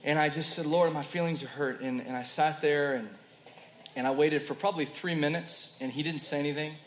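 A man preaching a sermon in a conversational way, moving between loud emphasis and soft, quiet passages. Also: on the high side, steady tone, a little fast, a little hiss or hum. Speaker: pastor. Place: church hall. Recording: roomy hall with faint ambience.

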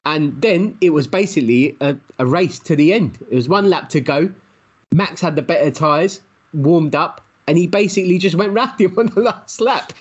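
A man with a husky voice, chatting casually as a regular on a podcast. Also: a little high, moderate pace. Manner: chatty, recounting what he followed online. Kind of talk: casual chat. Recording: dull lo-fi sound.

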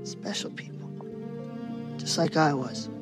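Soft-spoken dying little man, somewhat high voice, film clip with clear music underneath. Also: slow pace. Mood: wistful. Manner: soft-spoken, quietly resigned. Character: gentle sick little man, wistful and resigned. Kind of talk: film dialogue.

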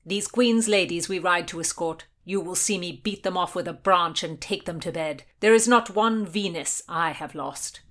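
A woman voicing a brash, boastful young Elizabethan gallant in a storybook reading, gruff and loud. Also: lowish voice, moderate pace, hardly any pauses, natural voice. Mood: swaggering.

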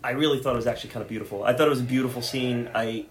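A man's voice: medium pitch, racing, a crowd in the background. A man co-hosting a casual podcast about a movie, rambling and repeating words as he starts his sentences. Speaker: podcast co-host. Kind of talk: casual chat.

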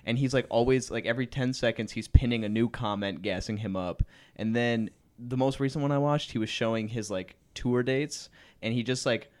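A man's voice: medium pitch, a little fast. A man in casual podcast chat, telling a story with lots of laughs and acted-out quotes. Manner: animated storyteller, laughs often, acts out quotes.

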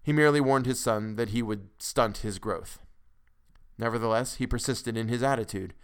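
Brief: a male podcast storyteller with a smooth, resonant voice, mid-pitched, measured and expressive. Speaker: podcast host and narrator. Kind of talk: dramatic storytelling reading.

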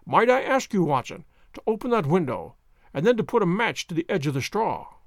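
A man's voice: sits high, very animated, a little fast, dry recording, studio quality. A man reading a story aloud, voicing a poised, theatrical detective who speaks with precise courtesy. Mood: assured. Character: poised, theatrical male detective, fond of pomp. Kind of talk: audiobook character voice.

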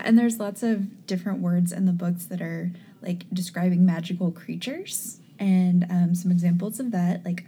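A woman co-hosts a podcast in a chatty, easygoing way, her voice dark and mellow. She laughs easily, and faint noise sits under the recording. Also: fairly low pitch. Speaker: podcast co-host. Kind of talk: scripted podcast banter.

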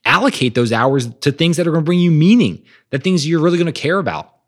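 A man's voice: a little high, expressive, fast talker. A man hosting a podcast, talking with energy and emphasis about growth mindset and reading quotes aloud. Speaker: podcast host. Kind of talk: motivational monologue.

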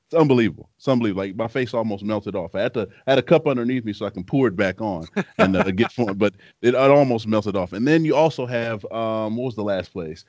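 A man co-hosting a podcast in casual chat, telling animated stories and laughing often. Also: fairly low pitch, quick pace, few pauses, no echo. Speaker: podcast co-host, former football player. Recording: dry, dull lo-fi sound.

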